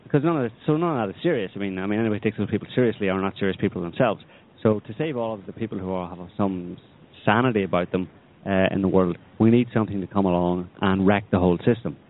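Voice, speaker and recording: Low-voiced man, sardonic political chat, rambling, thin phone-line sound. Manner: rambling, sardonic, many restarts. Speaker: podcast co-host.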